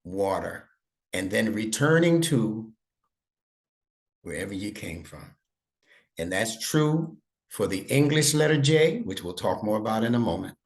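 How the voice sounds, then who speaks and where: A man's voice: lowish voice, vocal fry. A man teaching an online lesson over a video call, patient and encouraging, praising his student often. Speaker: instructor.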